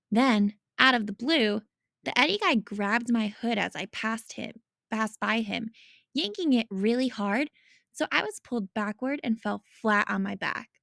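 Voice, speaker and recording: Woman reading a novel aloud, gravelly, dry sound. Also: fairly high pitch, no room sound. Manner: lively storytelling. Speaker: reader.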